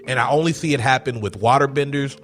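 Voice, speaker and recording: A man's voice: medium pitch, fast talker, a bit bright, faint music behind. A man co-hosting a casual reaction chat, loose and laughing, swearing freely. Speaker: podcast co-host.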